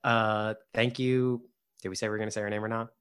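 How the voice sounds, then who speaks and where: A man's voice: on the low side, little pitch movement, quick pace, a bit bright, clear, resonant tone. A young man co-hosting a casual podcast, rambling and laughing, often repeating his words. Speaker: podcast co-host.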